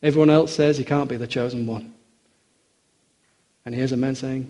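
Male preacher, husky and mellow, earnest sermon delivery with emphatic rises. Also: mid-range voice, steady tone. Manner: earnest, rising for emphasis, slows on quoted scripture.

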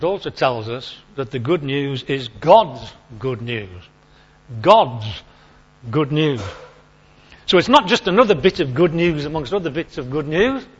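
Male preacher, informal chatty sermon, emphatic repetition, slightly high voice, muffled lo-fi sound. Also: lively intonation, a little slow, pauses often, a bit bright, husky. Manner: chatty, emphatic, repeats key phrases. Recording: lo-fi recording.

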